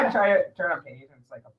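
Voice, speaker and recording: Male co-host, loose rambling chat, slightly higher voice, roomy echo. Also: big pitch swings, normal speed, muffled recording. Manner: rambling, many "like" fillers, laughs easily. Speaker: podcast co-host. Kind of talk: casual chat. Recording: echoey room.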